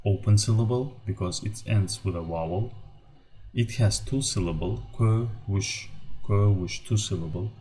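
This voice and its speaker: A man with a Turkmen accent teaching a recorded language lesson, slowly repeating example words. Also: lowish voice, warm tone.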